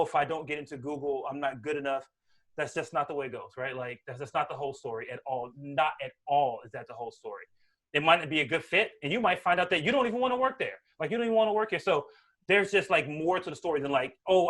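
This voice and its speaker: Fast-talking animated man giving career advice. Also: a little high. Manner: fast, animated, lots of "like" and "right?". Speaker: guest speaker, Angular developer. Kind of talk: casual career advice in a meetup. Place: home room.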